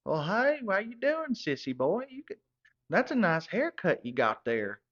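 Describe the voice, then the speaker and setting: A smug good ol' boy drawls his teasing remarks, as a storyteller puts him on. His voice rides higher than the teller's own. The sound is slightly dull. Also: wildly swooping pitch, unhurried, fairly bright tone, no room sound, heavily acted. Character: smug rowdy Southern man, Earl Junior.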